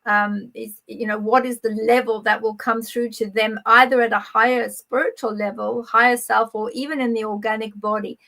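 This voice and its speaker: A woman's voice: on the high side, level tone, moderate pace, gravelly, few pauses, sharp tone, low-quality recording. A woman interviewing a guest over a remote call, asking long, rambling, hesitant questions. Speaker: podcast interviewer.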